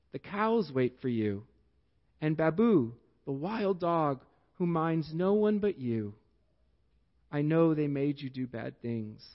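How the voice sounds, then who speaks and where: A man quoting a tender pleading father. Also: on the high side. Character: tender African father pleading with his lost son. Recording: echoey hall, dull lo-fi sound.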